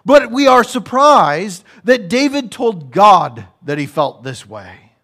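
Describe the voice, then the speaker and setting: A man's voice: high voice, sing-song, slow pace, fairly bright tone. A man preaching a conversational, humorous sermon that builds to raised, emphatic passages.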